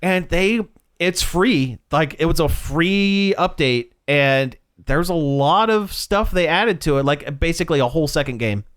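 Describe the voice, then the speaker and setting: A man co-hosting a pop culture podcast in casual chat, relaxed and chatty. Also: on the high side, unhurried, smooth. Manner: relaxed, chatty, with frequent restarts. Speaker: podcast co-host.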